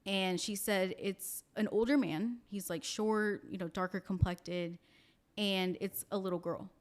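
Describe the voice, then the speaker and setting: A woman with a mid-range voice recounts a personal experience in relaxed podcast conversation. She talks animatedly, with lots of "like" fillers. She slips into the voices of the people in her story as she quotes them. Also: mid-range voice, a little slow. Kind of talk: casual storytelling.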